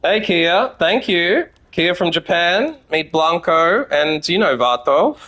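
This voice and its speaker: A man's voice: fairly high pitch, lively intonation, takes it slowly, bright, forceful tone. An Australian man streaming a card game, chatting with viewers and swearing freely as he plays. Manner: chatty and profane, talking to chat. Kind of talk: casual gameplay commentary.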